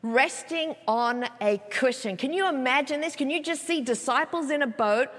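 Woman pastor, sermon, animated storyteller, slightly high voice, long hall reverb. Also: moderate pace. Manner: expressive storytelling, rhetorical questions.

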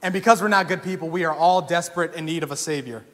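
A young man preaching a sermon in a church, talking casually and telling stories with animated energy that rises to shouts. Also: on the high side, fast talker. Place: church sanctuary. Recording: long hall reverb.

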